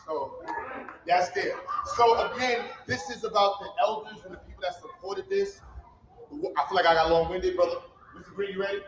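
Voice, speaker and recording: Man, high voice, emphatic heartfelt speech, roomy hall. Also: steady tone, moderate pace, slight background noise. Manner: loose, emphatic, heartfelt street talk. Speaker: founder giving a commencement speech. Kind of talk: informal ceremony speech. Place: event hall. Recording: roomy, slightly dull livestream audio with faint ambience.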